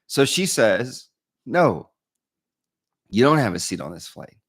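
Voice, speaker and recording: A man, a keynote speaker, telling a personal story with lively acted-out dialogue. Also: mid-range voice, slow pace, husky. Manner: animated storyteller, acts out dialogue. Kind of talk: storytelling talk.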